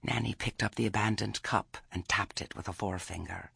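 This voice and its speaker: A man narrating an audiobook in a measured, expressive storytelling manner. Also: fairly low pitch, creaky, breathy edge, dry recording, clean studio sound. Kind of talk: scripted narration.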